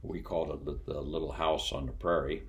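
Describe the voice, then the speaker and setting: An older man with an extremely deep, low voice recalls his flying days. His talk is folksy and unhurried, full of pauses and little chuckles. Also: level tone, muffled recording. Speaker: retired pilot and flight instructor. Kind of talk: casual storytelling.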